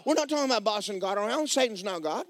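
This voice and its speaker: A man preaching a sermon, emphatic and loud at times, dropping low for stories. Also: expressive, quick pace, no room sound. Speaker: pastor.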